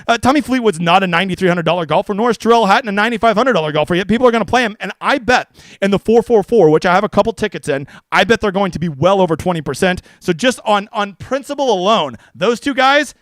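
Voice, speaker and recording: A man streaming fantasy golf picks in casual livestream commentary, brash and profane, excitable and jokey. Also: high voice, quick pace, dry recording. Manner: excitable, with mock voices.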